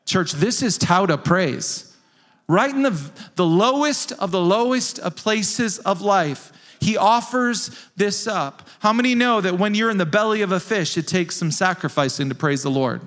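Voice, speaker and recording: Animated high-voiced male pastor preaching. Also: moderate pace. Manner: animated, emphatic preaching with repeated phrases. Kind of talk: sermon.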